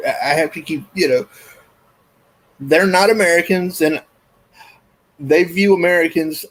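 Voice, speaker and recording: A man with a somewhat high voice hosts a casual chat. He tells stories in a joking, self-deprecating way and keeps the talk rolling. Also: unhurried, fairly bright tone, rough recording.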